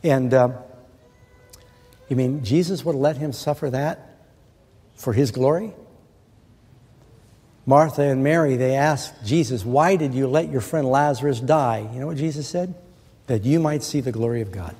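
A man preaching a sermon in an earnest way, asking rhetorical questions and slowing down to quote scripture. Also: medium pitch, mellow, slightly rough. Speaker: pastor. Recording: long reverb of a large hall.

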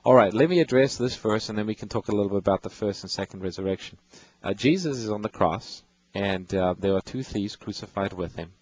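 Radio bible host, male, husky voice, patient explainer. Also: on the low side, brisk, a little mellow, rough recording. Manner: patient, explanatory, reads verses aloud. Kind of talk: explaining scripture to callers.

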